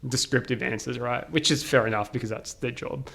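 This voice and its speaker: In a creaky, mid-range voice, an Australian man on a podcast tells a travel story. He's casual and animated, constantly using "like" and slipping into quick quoted voices.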